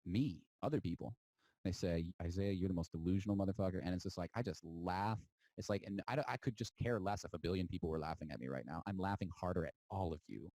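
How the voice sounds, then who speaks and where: Deep-voiced defiant man preaching. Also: a little mellow, no room sound, rough recording. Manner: defiant, mocking, preachy, drawn-out emphasis. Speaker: spiritual podcast host. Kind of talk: impassioned monologue.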